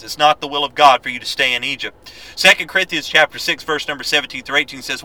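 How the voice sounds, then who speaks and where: A man teaching a Bible lesson, reading scripture aloud and exhorting his listeners in an earnest, quick-paced way with frequent restarts. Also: on the high side, bright, forceful tone, poor audio.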